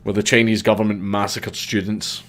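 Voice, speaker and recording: Blunt, sweary Scottish man, lowish voice. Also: little pitch movement, moderate pace, a bit bright. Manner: blunt, sweary, repeats words when starting sentences. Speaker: livestream host reading viewer comments. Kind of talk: casual livestream chat.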